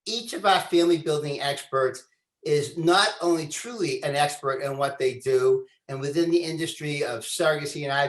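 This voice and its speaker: A man hosting a webinar, introducing the panel in an earnest, formal way. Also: on the high side. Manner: earnest and formal, says "quite frankly". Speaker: webinar host. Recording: echoey room.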